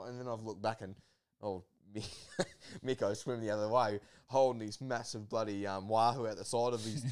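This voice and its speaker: Man telling a lively story. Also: medium pitch, clear, resonant tone. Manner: animated, laughing storyteller with lots of fillers. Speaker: podcast guest. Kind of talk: casual storytelling.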